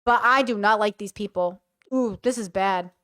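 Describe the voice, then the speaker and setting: A woman's voice: medium pitch, normal speed, a bit bright, no room sound, studio quality. A woman giving casual reaction commentary, reading messages aloud and passing blunt, slangy judgments.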